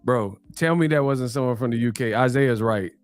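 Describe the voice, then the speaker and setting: A man's voice: mid-range voice, normal speed, over loud music. Slangy laughing stream host, man. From New Mexico, USA. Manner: slangy, laughs often, banters with the chat. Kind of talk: casual live stream chat reading donations.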